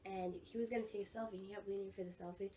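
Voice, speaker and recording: A teenage girl telling a rambling, excited story for her vlog, full of "like" and "oh my gosh". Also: medium pitch, racing. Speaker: vlogger. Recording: somewhat distant mic with faint room noise.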